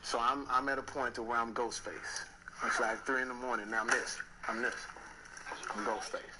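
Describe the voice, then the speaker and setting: A man telling a profane, animated story as an interview guest. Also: medium pitch, moderate pace. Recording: loud background noise.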